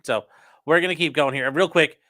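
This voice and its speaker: A man's voice: on the high side, brisk, sharp tone. A man, a lawyer, chatting casually on a livestream and answering viewer comments before trial footage. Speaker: lawyer streaming a trial with live chat.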